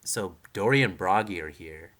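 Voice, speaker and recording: A young man with a deep, expressive, slightly bright voice speaks at normal speed while reacting live to a manga chapter. His casual rant is opinionated and profane, rambling with frequent restarts and heavy use of fillers like "like" and "you know."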